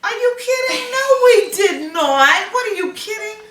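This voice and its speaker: Bright, teasing high woman. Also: animated, a little slow, far from the mic. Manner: teasing interjections, laughing. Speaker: wife in a couple interview. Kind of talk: casual interview chat. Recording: echoey room from afar with music.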